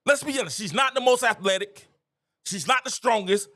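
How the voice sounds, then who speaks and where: A middle-aged man with a very high, bright voice that swings widely as he rants to his live-stream viewers. He is animated and preachy and hammers his points home by repeating phrases. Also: normal speed. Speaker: live-stream show host. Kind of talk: casual opinion rant to viewers.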